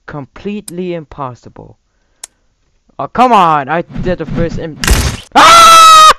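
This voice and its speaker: Young gamer yelling over a noisy recording. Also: male voice, on the high side, animated, a little slow. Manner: shouting, laughing, swinging from mutters to yells. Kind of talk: let's play commentary.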